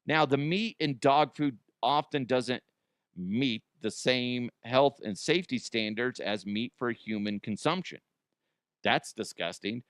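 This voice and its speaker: A man's voice: mid-range voice, unhurried, fairly bright tone, clean tone, dry recording, clean studio sound. An American man hosting a comedy news show, giving a crude, profane, self-mocking monologue. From United States.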